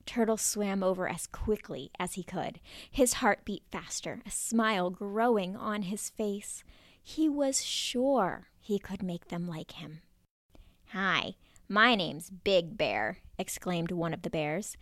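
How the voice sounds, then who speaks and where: A woman narrating a children's story in a playful, expressive way, at times dropping to a whisper. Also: medium pitch, a little slow, dry recording.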